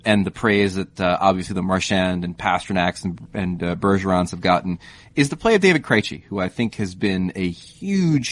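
Low-voiced man hosting hockey talk. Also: slight background noise. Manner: thoughtful, measured, frequent fillers. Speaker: hockey podcast host. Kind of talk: casual sports chat.

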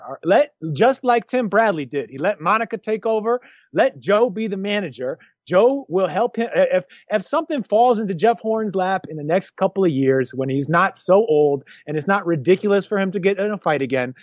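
A man co-hosting a casual sports chat, rambling and restarting his sentences with lively energy, on a dull lo-fi recording. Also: high voice, dry recording. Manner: rambling, lots of restarts, animated. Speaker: podcast co-host. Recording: dull lo-fi dry sound.

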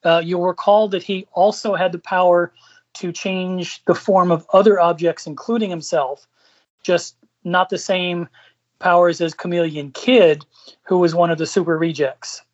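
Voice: mid-range voice, steady tone, a little slow, muffled recording. A co-host in a casual comics chat, recalling issue details precisely. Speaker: podcast co-host. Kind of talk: casual comic-book discussion.

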